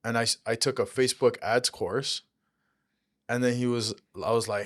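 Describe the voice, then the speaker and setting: A man's voice: mid-range voice, fairly even intonation, a little fast, a bit bright. A man hosting a casual chat, blunt and swearing freely, saying "dude" often. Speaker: podcast host, mortgage coach.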